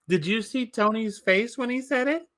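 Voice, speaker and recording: A man co-hosting a podcast, giving animated, opinionated wrestling takes and swearing freely. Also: very high-pitched, slow pace. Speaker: podcast co-host. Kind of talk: casual wrestling recap chat.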